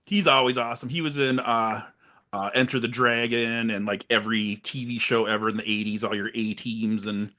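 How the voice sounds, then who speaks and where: A man's voice: on the low side, fairly even intonation, moderate pace, sharp tone. A man co-hosting a podcast, casually recapping a horror film and acting out its lines in funny voices. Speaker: podcast co-host.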